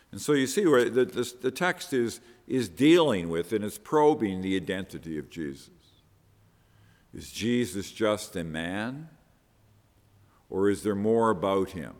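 A man preaching a sermon on a Bible passage, earnest, often repeating words as he stresses a point. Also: fairly low pitch. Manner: earnest, repeats words, quotes with rising emphasis. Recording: long hall reverb.

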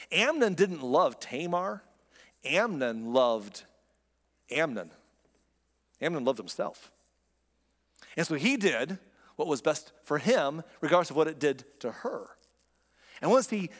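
A man's voice: a little high, fairly bright tone. Impassioned male preacher in a reverberant hall. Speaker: pastor. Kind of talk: sermon.

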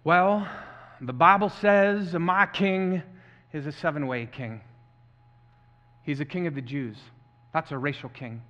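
Man doing a Deep South preacher's chant. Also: a little slow, pauses often, sharp tone. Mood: declaiming. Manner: rhythmic, building repetition. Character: male Southern preacher declaiming his king. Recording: muffled echoey hall.

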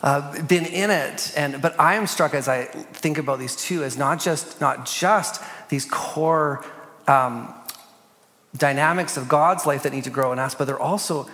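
A man leading a church panel discussion, earnest, reading prayers slowly and softly. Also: fairly high pitch. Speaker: pastor. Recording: long hall reverb.

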